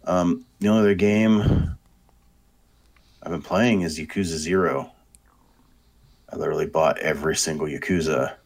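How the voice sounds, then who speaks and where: A young man co-hosting a casual chat, relaxed and hesitant, with casual swearing. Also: rumbling low, moderate pace, long pauses. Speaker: podcast co-host.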